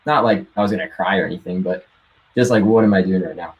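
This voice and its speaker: A man's voice: low-pitched, quick pace, lo-fi sound. A young man eagerly telling his own story of leaving a salaried job for his business, in a casual, laughing way with plenty of swearing and filler. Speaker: guest sharing success story. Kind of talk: casual storytelling on a live call.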